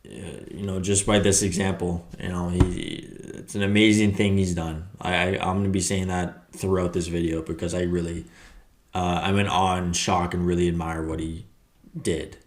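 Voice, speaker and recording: A man hosting a reaction video, commenting casually and haltingly, often searching for words. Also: low-pitched, flat delivery.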